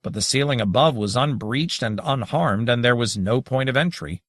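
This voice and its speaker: A man reading an audiobook aloud in measured, dramatic scripted narration. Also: mid-range voice, dry recording, studio quality.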